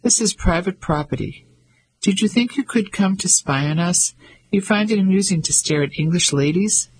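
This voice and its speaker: Male narrator voicing a stern, haughty Englishwoman; husky, higher pitch, audiobook. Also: expressive, normal speed, exaggerated voice, rough recording. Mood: demanding. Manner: defiant, demanding. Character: indignant haughty Englishwoman, middle-aged.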